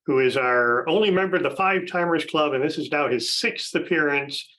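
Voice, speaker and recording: A man's voice: on the high side, moderate pace, sharp tone, slight background noise, low-quality recording. A man hosting a podcast, casually introducing a panel of guests, chatty with frequent fillers and restarts. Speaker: podcast host.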